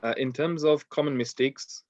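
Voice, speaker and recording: A man's voice: mid-range voice, normal speed, a little mellow, dry recording, muffled recording. A man teaching a beginners' Quran recitation lesson, explaining step by step with a patient, filler-laden manner. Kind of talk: online lesson.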